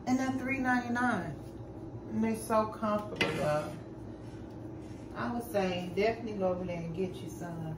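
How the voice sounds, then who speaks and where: A worn-out woman speaking chats to her viewers in a slow, laid-back way while cooking at home. Her voice rings in an echoey room, with clear background noise behind her. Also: mid-range voice. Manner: laid-back, tired, talks to viewers as y'all with casual swearing. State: sleepy, exhausted. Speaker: vlogger. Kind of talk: casual vlog chat to camera. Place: home kitchen, indoors.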